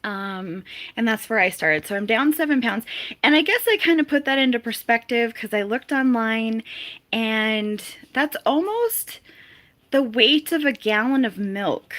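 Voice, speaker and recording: A young woman chats casually with viewers on a live stream from home. Her voice sits a touch high and she talks at an unhurried pace. She giggles often and greets chatters by name. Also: animated, a bit bright.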